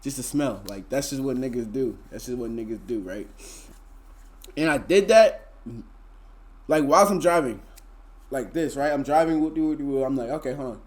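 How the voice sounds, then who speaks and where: A man's voice: mid-range voice, lively intonation, normal speed, pauses often. Laid-back young man. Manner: laid-back, slangy, filler-heavy rambling. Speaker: streamer. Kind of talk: casual storytime to live chat.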